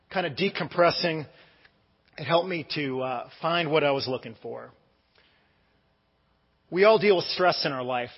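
A middle-aged American pastor with a somewhat high voice who preaches in a relaxed, story-driven way, full of "uh"s and restarts. The sound is a bit muffled and carries a long hall reverb from the church. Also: male voice, slightly rough. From United States. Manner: conversational storytelling with many fillers and restarts. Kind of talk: casual sermon.

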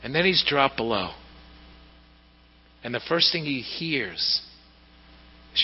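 Animated male preacher in an echoing hall. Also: mid-range voice, slow, breathy edge. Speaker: pastor. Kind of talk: sermon. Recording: reverberant hall, dull lo-fi sound.

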